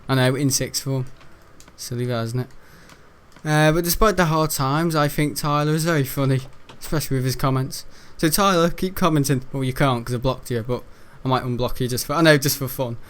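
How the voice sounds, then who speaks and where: A British man rambling through casual gaming commentary, chuckling often and jumping up in pitch when he's incredulous. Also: a little fast, a bit bright. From United Kingdom. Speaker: gaming YouTuber.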